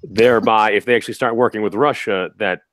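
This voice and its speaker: A man's voice: on the low side, steady tone, fast talker, a bit bright. A man on a casual political talk stream, speaking in a wry, hesitant way.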